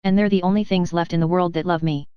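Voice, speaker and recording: A woman's voice: fairly low pitch, steady tone, quick pace, clean tone, no room sound, highs cut off, natural voice. A woman voicing an earnest, imaginative orphan girl in a storybook, pleading and anxious.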